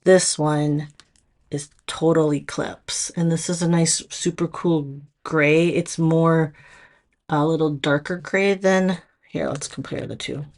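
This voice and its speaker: A woman's voice: sits low, fairly even intonation, takes it slowly, darkish tone. A woman with a Minnesota accent showing off nail products in a casual, chatty way, full of fillers and restarts.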